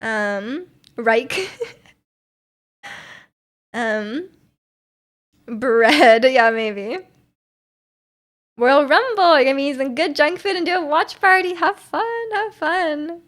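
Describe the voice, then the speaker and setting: High-voiced giggly woman streamer. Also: slow pace, pauses often, a bit bright. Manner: chatty and giggly, with frequent laughs and filler words. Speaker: livestream host. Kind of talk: casual chat reading viewer messages.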